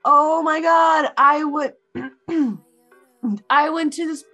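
A woman's voice: high-pitched, steady tone, very slow, sharp tone, faint music behind, voice pushed up, full character voice. A woman putting on the voice of a young man hero who panics and swears a lot. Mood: bewildered. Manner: frantic, profane outbursts.

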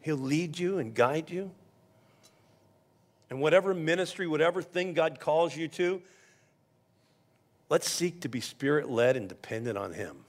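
A man's voice: a little high, animated, measured pace, pauses often. A man preaching a sermon, teaching from scripture in a conversational way with personal stories and some stumbling restarts. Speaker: pastor.

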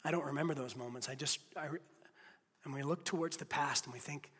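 A man's voice: a little high, quick pace, a bit bright, breathy edge, big-room sound. A man preaching a sermon, emphatic, repeating key phrases and speaking straight to his listeners. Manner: addresses listeners directly. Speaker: pastor.

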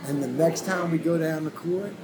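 In a casual interview, a guest musician from New Orleans tells his story at length, rambling, swearing freely, and mimicking the voices of the people he quotes. His voice is a little high and moderately paced, caught on a low-quality recording with crowd noise.

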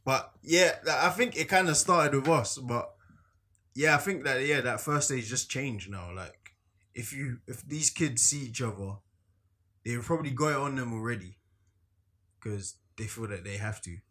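A man's voice: medium pitch, moderate pace, sharp tone. A man talking casually on a podcast, rambling through his points with lots of fillers. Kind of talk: casual chat.

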